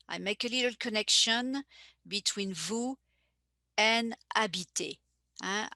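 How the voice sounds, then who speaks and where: Slow, bright-voiced teacher woman. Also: mid-range voice, no echo. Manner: slow, careful, repeats phrases for learners. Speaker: French teacher. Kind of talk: live online language lesson.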